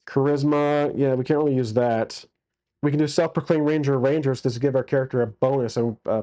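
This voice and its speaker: A man's voice: medium pitch, mellow. A man casually narrating a solo tabletop game as its game master, with crude jokes and many fillers.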